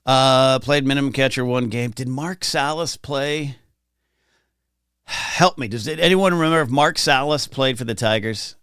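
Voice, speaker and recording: A man chatting his way through a morning livestream from home, rambling easily and reading viewer comments aloud. His voice sits at an ordinary middle pitch. The recording is dry and close, with almost no room sound. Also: measured pace, a bit bright, smooth, no room sound. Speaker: livestream host. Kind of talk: casual livestream chat. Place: home, in California.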